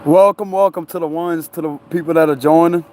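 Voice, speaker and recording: A man's voice: fairly high pitch, fairly even intonation, fairly quick, a little mellow, slight background noise. Rambling man streaming live outdoors. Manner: loose, rambling, laughs often, says "you know what I'm saying". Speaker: tarot reader streaming live. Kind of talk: casual live-stream chat. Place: outdoors near a tree and traffic.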